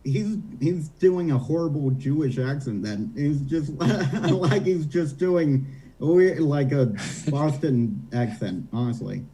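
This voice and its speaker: A man's voice: a little high, animated, slow pace, dark tone, rough recording. A man guest on a comedy chat, ranting casually with laughs.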